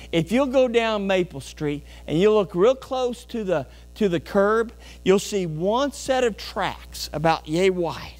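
High-voiced man preaching a folksy sermon. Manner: folksy, animated preaching with rhetorical questions to the congregation. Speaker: pastor. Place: church sanctuary.

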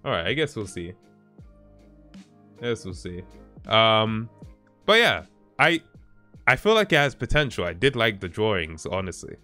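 A man's voice: fairly low pitch, very animated, normal speed, pauses often, bright, forceful tone. A man livestreaming who chats casually with his viewers, laid-back and often chuckling as he reacts to their posts. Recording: stream with faint background music.

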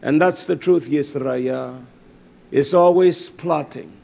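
A man preaching a fervent sermon, reading scripture aloud with many fillers and hallelujahs, swinging from loud declaring to low muttering. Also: slow pace, gravelly.

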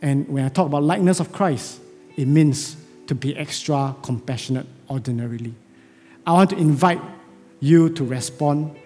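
High-voiced pastor preaching. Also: male voice, normal speed. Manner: earnest, emphatic rhetorical questions. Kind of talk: sermon. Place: church sanctuary. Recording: echoey church hall with soft music.

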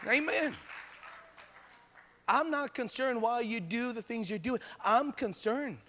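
A man preaching a sermon as pastor, animated and repeating phrases, in a church hall. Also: extremely high pitch, slow pace, some chatter behind.

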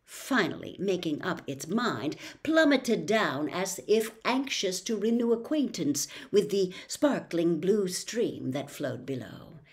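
Woman narrator for a storybook read-aloud; slow, lively pitch. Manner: expressive, unhurried.

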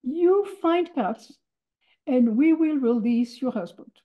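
A curt, matter-of-fact officer states his terms slowly, as an older woman quotes him. The recording sounds dull and lo-fi. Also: high-pitched, lively intonation, exaggerated voice. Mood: bargaining. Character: bargaining male Gestapo commandant.

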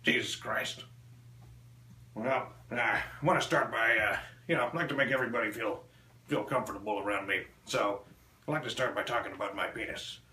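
A man performs a crude stand-up set, firing off deadpan one-liners. His voice is bright and forceful at an ordinary pitch. The sound is roomy and echoey, with a faint ambient hum behind him. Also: moderate pace. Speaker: stand-up comedian. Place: small club stage.

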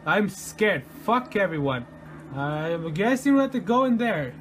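A man playing a horror game and commenting casually, jumpy and swearing constantly, yelling and laughing at the scares. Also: high voice, animated, a little slow, background noise. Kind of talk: casual let's-play commentary.

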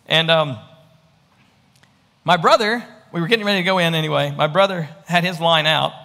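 A man's voice: a little high, moderate pace, vocal fry, sharp tone. A man preaching a storytelling sermon in a conversational, rambling way, often checking in with the listeners. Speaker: pastor. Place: church. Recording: echoey church hall.

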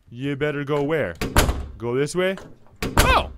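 A man's voice: on the high side, normal speed, background noise. A young man commentating a horror game as he plays it, reading the dialogue aloud and yelping at the jump scares. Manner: jumpy, excitable, yelps at scares. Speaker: gameplay commentator.

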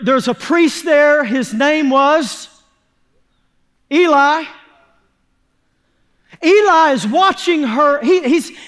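A male pastor, preaching a fervent sermon, shouting at its peaks and then dropping low and quiet, with folksy phrasing. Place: church sanctuary.

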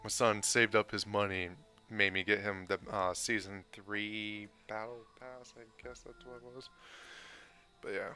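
A man co-hosting a casual stream, reading chat aloud and talking in a relaxed, hesitant way with many fillers. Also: fairly low pitch, unhurried, faint music behind.

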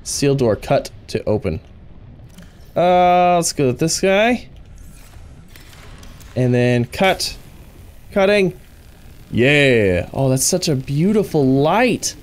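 A man giving excitable let's play commentary, thinking aloud and gasping at each new find. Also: a little high, slow pace, long pauses. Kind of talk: gameplay commentary.

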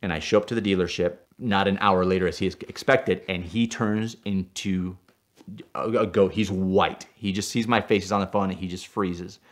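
A man from Puerto Rico telling a personal car story in an animated way. He gets worked up as he goes and often checks in with "right?". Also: deep voice, moderate pace. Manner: excitable, tags lines with "right?", gets worked up as he tells it. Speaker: stunt driver telling car stories.

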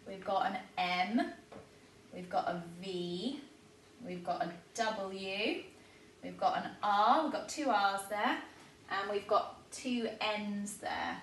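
A woman with an English accent, a primary school teacher giving a spelling lesson to young children at a chalkboard, talking in a bright, encouraging way and sounding every word out clearly. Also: mid-range voice, slow pace, far from the mic, a little hiss or hum. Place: classroom with a chalkboard. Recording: echoey room, voice away from the mic.

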